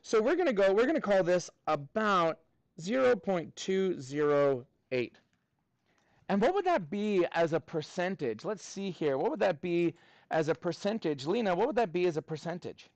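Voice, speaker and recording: A man teaching math to a class, playful and animated, calling on students by name. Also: high voice, normal speed, no echo.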